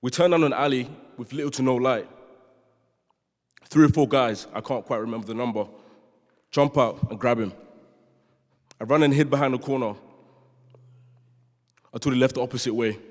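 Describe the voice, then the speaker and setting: In a large chapel, a young adult student speaker from London gives a heartfelt prepared speech, joking with the audience at times. Born in Nigeria, he speaks London English at normal speed with a medium pitch, a darkish tone, and long pauses. The hall adds a long reverb to the recording.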